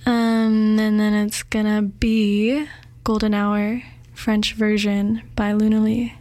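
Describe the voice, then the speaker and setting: Young woman, campus radio host, slow even delivery, rambling with fillers, dry studio sound. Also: medium pitch, dry recording. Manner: rambling, loose, with many fillers. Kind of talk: casual music radio chat.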